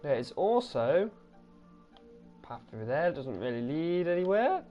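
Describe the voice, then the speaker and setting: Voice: mid-range voice, very animated, measured pace, dull audio, soft background music. A gaming channel host, giving a casual, rambling tour of a game world, correcting themselves and repeating the same praise.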